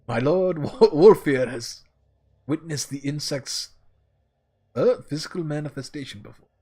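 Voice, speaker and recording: A man's voice: on the high side, a little slow, dark tone, breathy edge. A man doing a put-on voice for a pompous male envoy of a dragon, declaiming grandly.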